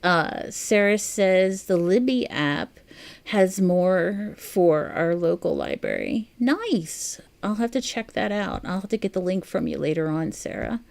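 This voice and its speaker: A woman's voice: lowish voice, very animated, a little slow, creaky, a little mellow. Chatty woman hosting a crochet livestream. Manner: chatty and easily amused, muses aloud. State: has the hiccups. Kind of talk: casual chat while crocheting, reading viewer comments.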